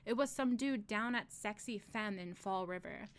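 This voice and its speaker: A woman's voice: medium pitch, normal speed, clean tone, close to an everyday voice. A woman voicing a dazed, hapless young man who rambles casually while reading a fantasy story aloud.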